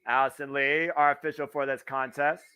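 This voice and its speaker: A man's voice: mid-range voice, little pitch movement, brisk, pushed and bright, clear, resonant tone. A man from the Midwest of the US, hosting a casual live wrestling watch-along with wisecracking, swearing commentary. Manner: chatty, wisecracking, swears freely.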